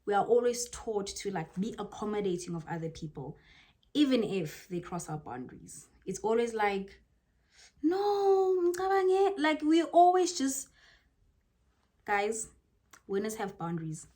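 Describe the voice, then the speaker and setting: A young woman with a Zulu-inflected South African accent gives casual motivational advice to the camera, talking in an animated, emphatic way. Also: moderate pace. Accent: South African, Zulu-inflected English. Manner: animated and emphatic, jumping to high exclamations. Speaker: motivational vlogger.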